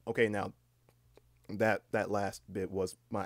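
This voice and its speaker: A man in casual livestream chat, rambling and cursing as he reads aloud with plenty of filler words. His voice sits in a middle pitch. The close microphone sounds dry, with no room echo. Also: big pitch swings, moderate pace. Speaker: live streamer.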